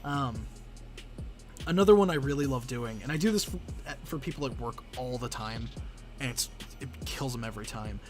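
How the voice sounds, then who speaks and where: A man's voice: mid-range voice, moderate pace, faint music behind. A man chatting casually on a live stream, chatty and self-deprecating, breaking into laughs.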